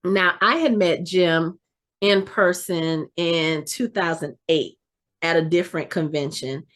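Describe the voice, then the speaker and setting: A middle-aged woman, co-hosting a podcast and telling a long casual story in a chatty, animated way, often restarting and correcting herself. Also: lowish voice, takes it slowly. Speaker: podcast co-host.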